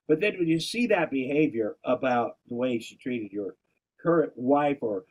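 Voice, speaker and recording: At a normal speed and in a voice on the high side, a man makes casual conversation that wanders into digressions, with many restarted sentences. The sound is dull and lo-fi.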